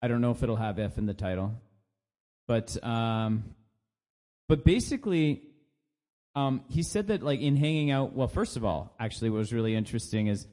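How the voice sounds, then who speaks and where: A man's voice: mid-range voice, expressive, normal speed, mellow. Joking American man in casual chat. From United States. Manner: jokey, puts on silly voices and laughs often. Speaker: podcast co-host.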